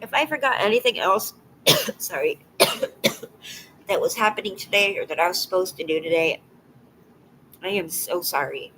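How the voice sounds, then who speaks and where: Chatting casually with viewers on her livestream, a woman with an animated, mid-range voice is teary and emotional. She talks softly and haltingly, often drifting into a whisper, and the low-quality recording has a little hiss or hum.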